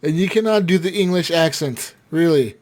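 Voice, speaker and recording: A man's voice: a little high, expressive, moderate pace, darkish tone. A man hosting a casual gaming podcast, reading listener comments aloud with lots of swearing and laughter.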